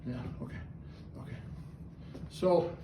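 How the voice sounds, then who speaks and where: A man talking to his pet bird in a casual home video, with a sing-song, coaxing way of speaking that drops to soft cooing. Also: measured pace, noisy background. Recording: roomy echo, mic at a distance.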